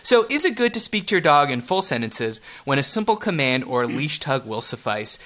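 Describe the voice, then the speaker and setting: A man's voice: mid-range voice, big pitch swings, fairly quick, pushed and bright. A man hosting a podcast, reading a listener letter aloud and chatting playfully with a guest. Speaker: podcast host.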